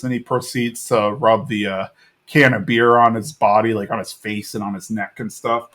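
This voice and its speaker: A man's voice: medium pitch, normal speed. Rambling man recapping a cartoon. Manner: rambling, animated retelling with filler words. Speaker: podcast co-host. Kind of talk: casual chat recapping a cartoon episode.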